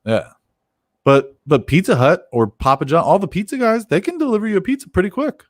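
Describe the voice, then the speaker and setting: A man's voice: sits high, animated, fairly quick, no echo, clean studio sound. A man co-hosting a podcast in casual chat, giving business-minded opinions in a conversational way. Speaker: podcast co-host.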